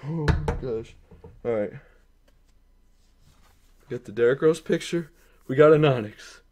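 A young man doing live-stream commentary while opening game card packs, hyped and talking to the player cards, dropping to mutters and then jumping to yells. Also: mid-range voice, measured pace, slight background noise.

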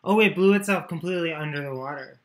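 A woman's voice: sits low, fast. A woman giving a loose, joking lecture, often correcting herself and swearing casually. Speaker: course lecturer.

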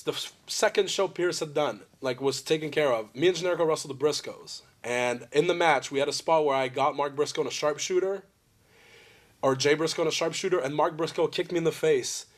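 A man's voice: on the high side, moderate pace. A man interviewing a friend, telling long rambling stories bluntly and swearing freely. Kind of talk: candid interview conversation.

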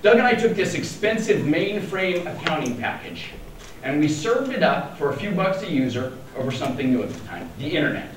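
A man's voice: fairly high pitch, big pitch swings, a little fast. Wry male keynote speaker in an echoey hall. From Denver, Colorado, USA. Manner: wry, self-deprecating, jokey. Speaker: conference speaker. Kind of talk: humorous keynote storytelling. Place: large conference hall. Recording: echoey hall, distant mic, faint noise.

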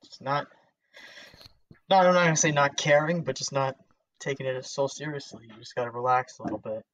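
A young man hosting a podcast in casual chat, relaxed and a bit hesitant. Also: mid-range voice, brisk, dry recording, lo-fi sound. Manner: relaxed, hesitant, many fillers. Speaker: podcast host.

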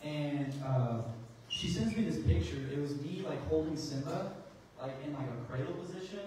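A man's voice: a little high, expressive, moderate pace, a little mellow. A man giving an informal church testimony to an audience, rambling and chatty with lots of fillers and restarts. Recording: echoey hall, distant mic, faint hiss.

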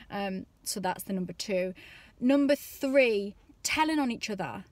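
Chatty mum vlogging, dry sound. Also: female voice, fairly high pitch, lively intonation, normal speed, dry recording. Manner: chatty, exasperated, acts out voices. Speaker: parenting vlogger. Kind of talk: casual comic monologue to camera.

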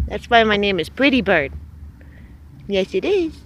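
A woman's voice: medium pitch, big pitch swings, measured pace, pauses often, a little hiss or hum. A woman filming her pet goose, coaxing and praising it in doting, singsong baby talk. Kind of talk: casual home video, baby talk to a pet.

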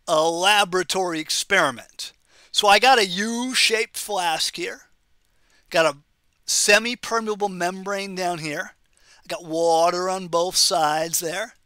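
A man's voice: sits high, pushed and bright, no echo. A man teaching a biology lecture in a conversational, playful way, often checking in with "okay?" and using memory tricks. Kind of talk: recorded lecture.

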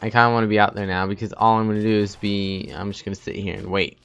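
A man's voice: on the low side, level tone, fast, vocal fry, a bit bright, clear, resonant tone. A young man giving casual gameplay commentary, taunting other players and laughing often. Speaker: gaming YouTuber. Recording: faint game noise behind.

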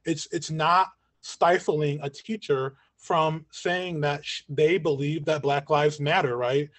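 A man speaks in an earnest lecturing voice that sits a little high, checking in with listeners again and again with a quick "right?". His voice is wearing thin as he goes on. It comes over a video call, dry and close, with no room echo at all. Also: steady tone, fairly bright tone. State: losing his voice. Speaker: community educator and guest speaker. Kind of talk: online lecture. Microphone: video call mic.

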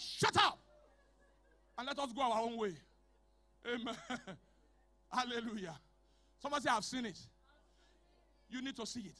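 A male pastor preaching a sermon, swinging between shouted declarations and quiet storytelling, and calling on the congregation to repeat after him. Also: very high voice. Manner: calls on the congregation to repeat phrases. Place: church hall.

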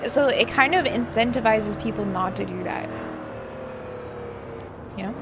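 A woman's voice: a little high, unhurried, gravelly. A woman streamer chatting casually while gaming, rambling loosely and swearing freely. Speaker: streamer playing a role-play game. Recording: game audio and engine noise behind her.

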